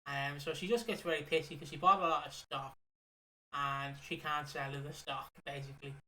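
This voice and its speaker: A podcast co-host recaps a soap in loose, casual chat. The voice is bright and sharp, in the middle of the pitch range, and wanders along with fillers and swearing. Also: level tone, moderate pace.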